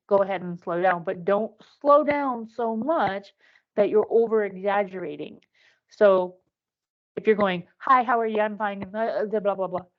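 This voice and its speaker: A woman giving an instructive online presentation, offering direct, earnest advice and acting out short examples, heard over a video call. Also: medium pitch. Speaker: workshop presenter. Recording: dull lo-fi video-call audio.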